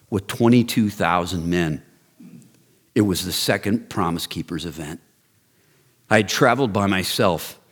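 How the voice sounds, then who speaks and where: A man in his sixties giving an earnest, direct ministry talk, building to excited, emphatic storytelling. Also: sits low. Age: 60s. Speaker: men's ministry leader. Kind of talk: personal testimony talk.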